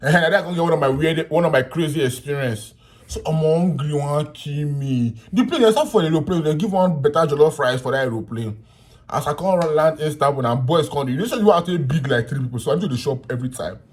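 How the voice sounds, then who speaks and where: A young man from Nigeria with a Nigerian accent, telling a travel story to camera in a loose, animated way, laughing and swinging between loud and quiet. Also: fairly high pitch, a little fast. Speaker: vlogger. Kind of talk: casual storytelling in pidgin.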